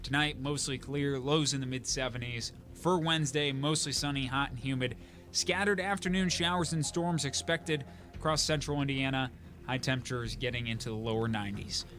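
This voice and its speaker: A male meteorologist reads a scripted radio forecast at a middle pitch. His reading is steady and measured. Music plays clearly underneath.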